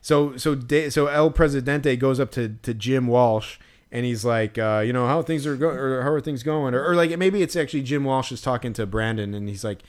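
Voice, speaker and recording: A man's voice: mid-range voice, normal speed. A man co-hosting a podcast, chatting casually and rambling, with lots of "like" and fillers, acting out what people said. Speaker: podcast co-host recapping a show. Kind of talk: casual chat.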